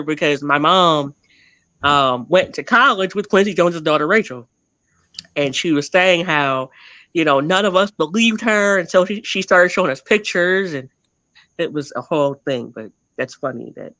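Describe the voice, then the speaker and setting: A man's voice: fairly high pitch, lively intonation, unhurried, bright, forceful tone, no room sound. A man telling his family history as a guest in a casual interview, rambling and often correcting himself mid-sentence.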